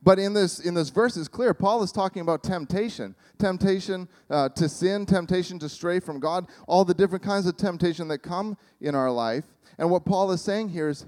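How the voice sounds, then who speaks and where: A man preaching a sermon, his voice sitting a little higher than most men's. He talks in a loose, conversational way, often restarting phrases. His delivery carries dry, sarcastic humor. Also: normal speed, hardly any pauses, a little mellow. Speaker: pastor.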